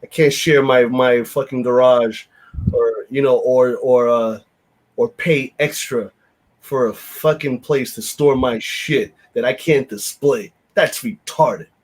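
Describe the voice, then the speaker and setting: A man's voice: medium pitch, takes it slowly. A man, hosting a casual podcast chat in a blunt, rambling, profane way with lots of fillers. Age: 50s. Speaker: podcast host.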